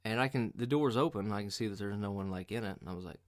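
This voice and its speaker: A man's voice: fairly low pitch, racing, few pauses. A man hosting a podcast, telling casual comic stories in a profane, rambling, mocking way. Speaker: podcast host. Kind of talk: casual comedic storytelling.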